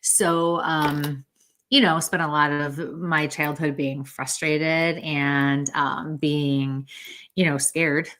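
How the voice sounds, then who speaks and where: A middle-aged woman chatting as a podcast guest, talkative and quick to laugh, with a loose, swearing manner. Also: low-pitched, level tone, a bit bright. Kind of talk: casual chat.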